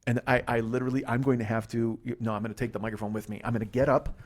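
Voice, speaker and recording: Fast-talking sarcastic man ranting. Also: medium pitch, level tone. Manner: rambling, profane, sarcastic. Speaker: podcast host. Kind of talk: solo comedy podcast rant. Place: seated at a table.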